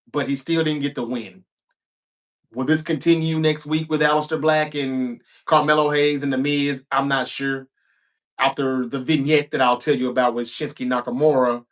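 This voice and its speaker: A man's voice: medium pitch, fairly bright tone. A man in the middle of his register talks through last night's wrestling show in a loose, chatty way. He slides in offhand asides and sarcastic remarks as he retells each scene. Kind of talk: casual recap commentary.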